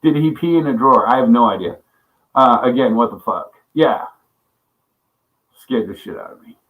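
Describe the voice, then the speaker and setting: A man's voice: medium pitch, expressive, moderate pace, phone-quality sound. A man hosting a casual livestream chat, rambling and swearing a lot, often laughing as he greets viewers by name. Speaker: livestream host.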